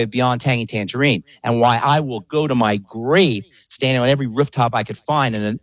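A man's voice: mid-range voice, breathy edge, no echo, low-quality recording. A man speaking as a pharmacist guest in a radio interview, explaining with emphatic passion.

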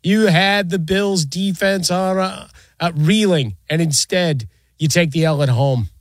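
A man's voice: sits high, measured pace, dry recording, studio quality. A man co-hosting a sports radio show, adding wry, teasing banter in casual chat. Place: radio studio.

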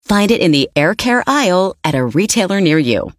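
A woman reading a product ad in an even, informative way. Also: lowish voice, moderate pace, dry recording, clean studio sound. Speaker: ad announcer. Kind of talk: calm scripted ad read.

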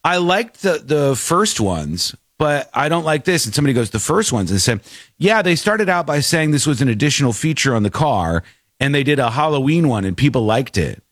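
Lively guy co-hosting a tech chat, bit high pitched, dry close sound. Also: brisk, no echo. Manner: animated, does silly character voices. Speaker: show host.

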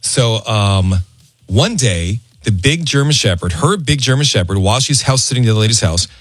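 Animated male radio host telling a story. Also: mid-range voice, moderate pace, no echo. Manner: animated storyteller, acts out quotes. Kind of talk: casual radio chat and storytelling.

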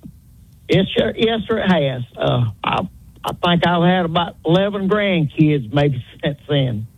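A man's voice: on the high side, animated, unhurried, husky, dry recording. An older man calling a radio show, polite and folksy, calling the host sir. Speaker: caller. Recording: tinny phone line.

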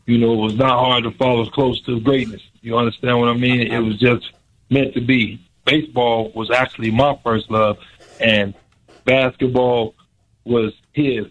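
A man's voice: mid-range voice, flat delivery. Earnest man on a dull line. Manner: earnest, measured, heartfelt. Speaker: guest.

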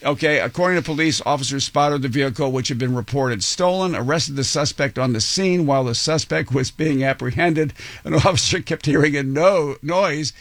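A man's voice: a little high, normal speed, hardly any pauses, fairly bright tone, dry recording. A man hosting a radio morning show, chatting and reading odd news stories with frequent chuckles and stumbling restarts. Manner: chuckling, jokey, trips over words and restarts. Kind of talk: casual on-air banter and news reading. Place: radio studio.

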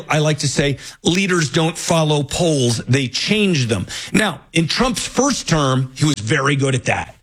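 A man hosting talk radio, opinionated and thinking aloud with frequent restarts. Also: a little high. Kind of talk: casual talk radio monologue.

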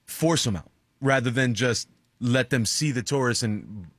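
A man's voice: mid-range voice, measured pace, no room sound. A man co-hosting a radio show, giving his opinions in an earnest, casual way. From United States. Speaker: radio co-host.

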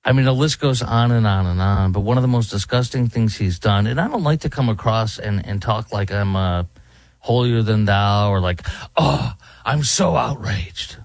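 A man's voice: on the low side, moderate pace, a little mellow, no room sound. A man hosting a talk show, giving indignant, emphatic commentary with many fillers. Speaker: talk radio host. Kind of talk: opinionated commentary.

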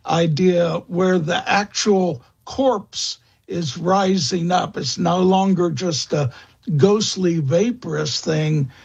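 A man speaking as a guest expert in an interview, slow and halting, with many fillers and restarts. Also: sits high, gravelly, a little mellow, breathy edge, dull audio. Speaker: guest expert on vampire lore. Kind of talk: interview answers.

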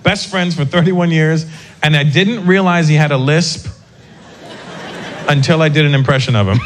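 A man doing a stand-up comedy routine on stage, acting out people in quick voices. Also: fairly high pitch. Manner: animated, acts out characters in quick voices. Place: comedy stage with a live audience. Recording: noisy live show recording.

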